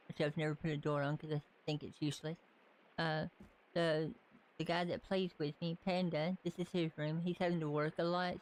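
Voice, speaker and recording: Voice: medium pitch, a little mellow. A game streamer from the Southern United States with a light Southern accent, casually chatting and thinking aloud while playing. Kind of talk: casual live-stream gameplay commentary.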